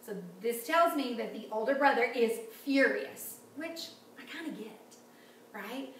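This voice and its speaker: A woman teaching a children's Bible lesson in an animated way, often asking the kids questions. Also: sits high, measured pace. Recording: echoey room, distant mic, faint noise.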